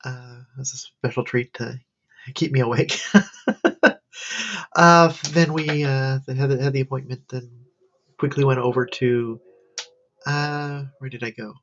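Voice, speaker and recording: A woman's voice: extremely low pitch, fairly even intonation, unhurried, pauses often, a little hiss or hum. A tired woman, a college student, rambling through her day in a casual livestream diary. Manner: rambling, wandering chat. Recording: dull lo-fi stream audio.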